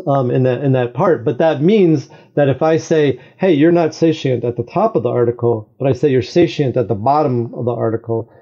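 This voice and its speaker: A man talking as a podcast guest, explaining at length in an animated way and often checking in with "right?". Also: medium pitch, highs cut off. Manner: animated, talks in long explanations with frequent "right?". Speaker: guest, AI games designer. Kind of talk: conversational explanation.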